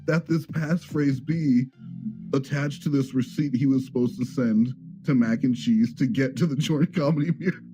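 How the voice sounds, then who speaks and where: A man's voice: mid-range voice, normal speed, over music. A man on a livestream wryly telling a story, with asides along the way.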